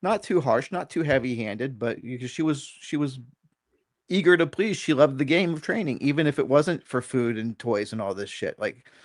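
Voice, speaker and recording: A man's voice: mid-range voice, lively intonation, moderate pace, no room sound, studio quality. A middle-aged man, a dog trainer and guest, telling a story in a candid, self-critical way and swearing casually.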